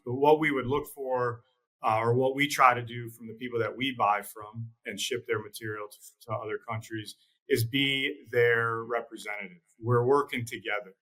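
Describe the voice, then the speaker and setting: Bright-voiced man, measured and plain-spoken. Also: medium pitch, low-quality recording. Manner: measured, plain-spoken, repeats words while thinking. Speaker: guest, trading executive. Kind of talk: casual interview chat.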